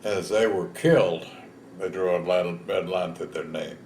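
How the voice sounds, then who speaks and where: A man's voice: low voice, fairly even intonation, unhurried, gravelly, darkish tone, roomy sound, a little hiss or hum. A man, telling his own story in a plain-spoken, folksy way in an oral history interview. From Texas. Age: 70s. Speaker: veteran interviewee.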